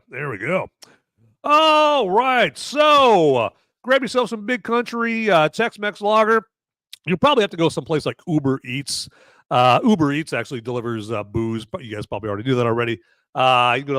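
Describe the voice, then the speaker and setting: A man's voice: medium pitch, fairly bright tone, clean tone, no room sound. A man with a sore throat hosting a casual live show, rambling and joking with lots of fillers and restarts. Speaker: podcast host reviewing beer. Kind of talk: casual live-stream chat.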